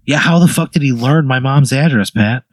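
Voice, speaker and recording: A man's voice: mid-range voice, moderate pace, no echo. Exasperated man pushing back. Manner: exasperated, incredulous, swearing. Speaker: podcast host. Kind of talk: casual comedic chat.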